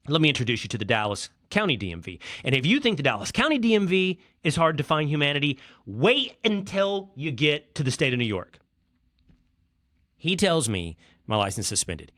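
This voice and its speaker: Man, middle-aged, exasperated comic storytelling, hushed to loud, very expressive pitch, dry studio mic. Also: no room sound. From Texas. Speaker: podcast host. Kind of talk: animated storytelling monologue.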